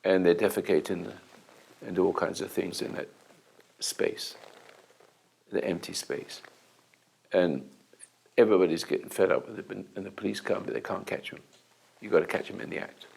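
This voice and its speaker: An older man acting as a self-help teacher, telling an anecdotal story to an audience in a halting way, with restarts, and acting out the dialogue. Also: low-pitched, fairly even intonation, creaky, darkish tone, breathy edge, low-quality recording.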